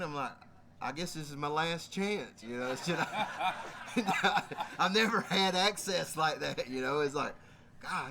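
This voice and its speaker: A man's voice: a little high, bright, forceful tone, a little hiss or hum. Southern man spinning a laughing yarn. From Georgia. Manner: folksy, laughing often, acting out both sides of a conversation. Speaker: musician telling a story on stage. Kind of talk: humorous storytelling to a live audience.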